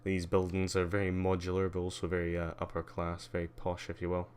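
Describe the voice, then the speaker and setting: A man's voice: low-pitched, monotone, a little fast, a little mellow, slight background noise. A man giving a casual live-stream tour, rambling with lots of ums and uhs and wry asides. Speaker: livestreamer.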